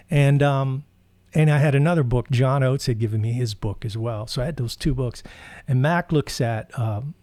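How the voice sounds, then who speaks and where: A man's voice: medium pitch, mellow, no echo. Dry-voiced man telling rambling stories. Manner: rambling, anecdotal, with many fillers. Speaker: guitar channel host. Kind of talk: casual storytelling.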